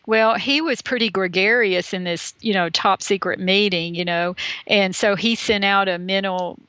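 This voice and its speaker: A chatty woman, telling her story as an interview guest. Her voice is bright and forceful, and the recording is dry but dull and lo-fi. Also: medium pitch, normal speed, smooth, no echo. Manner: chatty, animated, many you-knows. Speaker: podcast guest. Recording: dull lo-fi sound.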